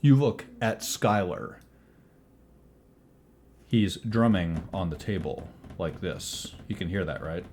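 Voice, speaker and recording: A man running a tabletop game as game master, narrating in a measured, descriptive way. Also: low-pitched, darkish tone, a little hiss or hum.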